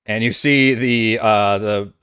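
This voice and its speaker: Chill dm guy, lowish voice, dry close sound, narrating casually. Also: takes it slowly, clear, resonant tone, no echo. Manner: relaxed and chatty, laughs easily, lots of fillers. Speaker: dungeon master. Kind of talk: narrating a tabletop game over voice chat.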